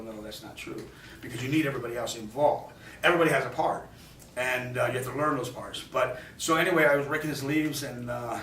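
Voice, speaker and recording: Fast-talking man, rambling film director. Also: medium pitch, a little hiss or hum. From New York. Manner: rambling, animated storyteller with many restarts. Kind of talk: casual interview storytelling. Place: film festival. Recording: echoey, distant mic with faint ambience.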